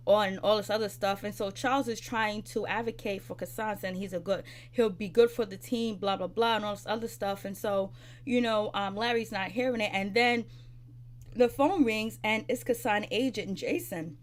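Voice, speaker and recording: A woman casually retelling a TV episode, chatty and loose, with many fillers and quick quoted lines from the characters. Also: mid-range voice, steady tone. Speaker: TV episode reviewer.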